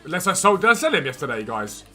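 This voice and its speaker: Fast-talking high-voiced male streamer. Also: very animated, bright, forceful tone, faint music behind. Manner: quick, chatty, answers chat questions. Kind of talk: live stream chat reading.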